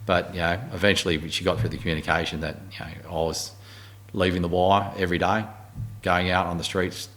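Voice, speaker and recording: A man's voice: low-pitched, a little fast. A middle-aged Australian man, an army warrant officer, telling blunt, swearing war stories in a casual interview. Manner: blunt, swearing, animated storyteller.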